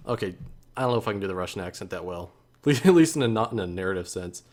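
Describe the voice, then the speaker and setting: A man's voice: low-pitched, expressive, quick pace, darkish tone. A young man casually commenting on a game he plays, rambling with joking asides. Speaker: let's play host.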